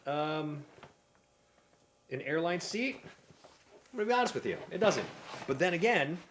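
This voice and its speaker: A man's voice: medium pitch, fairly bright tone, slight background noise. A man, a comedian, casually narrating his own vlog, muttering and joking at himself while he fiddles with gear in a hotel room. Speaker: comedian and vlogger.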